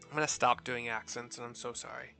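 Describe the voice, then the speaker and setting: A man's voice: medium pitch, level tone, a little fast, gravelly, bright, forceful tone, soft background music. A man narrating a game story aloud in a casual, self-correcting way, with apologetic asides.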